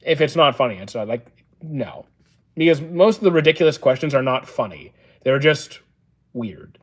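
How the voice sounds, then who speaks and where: A man in his thirties answers viewer questions on a casual livestream. He keeps a calm, level, matter-of-fact tone, dry rather than excitable, and often pauses on an "uh" before replying. His voice sits at an ordinary middle pitch for a man. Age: 30s. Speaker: livestream host. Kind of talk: casual livestream Q&A reading chat.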